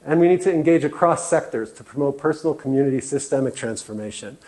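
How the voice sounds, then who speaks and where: A man's voice: mid-range voice, lively intonation, fast talker, mellow. A man giving a presentation talk as guest speaker, earnest and often restarting with fillers. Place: meeting room.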